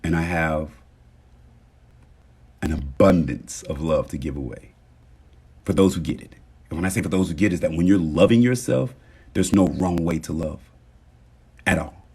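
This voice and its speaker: A man hosting a casual motivational livestream, talking straight to his viewers and thanking them, swinging between loud emphasis and soft murmurs. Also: rumbling low, normal speed, pauses often, husky. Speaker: livestream host.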